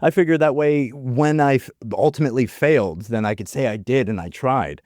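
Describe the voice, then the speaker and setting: A man's voice: mid-range voice, fairly quick, no echo, studio quality. A man chatting as a podcast guest, telling a story and acting out the voices of the people in it, with loose, filler-heavy phrasing. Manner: animated storyteller, acts out quoted voices. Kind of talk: casual chat.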